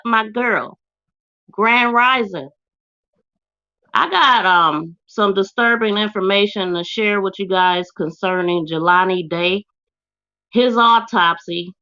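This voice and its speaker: A woman's voice: medium pitch, bright, forceful tone, highs cut off. A woman hosting a casual live stream, greeting viewers by name and speaking, indignant and emotional. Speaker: YouTube channel host.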